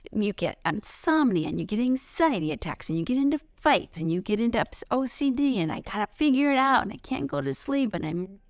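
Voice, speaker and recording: A middle-aged woman giving a spiritual lesson outdoors, expressive, jumping from high excited bursts to soft whispers. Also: a little fast, few pauses, no echo, studio quality. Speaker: spiritual teacher.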